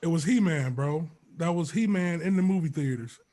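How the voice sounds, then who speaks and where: Male co-host, laid-back slangy teaser, higher register. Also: normal speed, warm tone. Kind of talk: casual chat.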